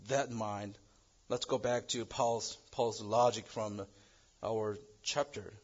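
Halting male preacher, dull lo-fi sound. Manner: halting, restarts phrases, rises in pitch and volume on key words. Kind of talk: sermon with an illustrative story. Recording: dull lo-fi recording.

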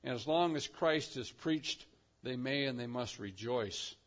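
A man preaching a sermon, swinging between loud emphatic declarations and quiet, drawn-out phrases. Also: mid-range voice, dull audio. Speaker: pastor.

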